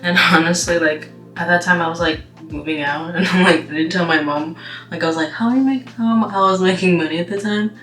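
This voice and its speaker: A young woman talks through a casual storytime while she does her makeup, wandering off in asides and filling gaps with "like" and "you know." Her voice sits a little low. The room is echoey and soft music plays under her. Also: fast. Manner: rambling, heavy use of "like" and "you know". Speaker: vlogger. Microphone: camera mic. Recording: roomy echo with background music.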